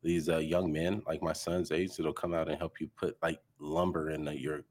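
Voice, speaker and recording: A middle-aged father chatting casually as a podcast guest, relaxed and fatherly, with many pauses and fillers. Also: very deep voice. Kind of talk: casual chat.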